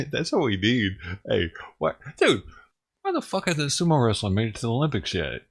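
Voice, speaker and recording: A man's voice: mid-range voice, big pitch swings, normal speed, gravelly. A man ranting on his own livestream, talking casually and profanely, rambling and chuckling as he goes. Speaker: livestream streamer.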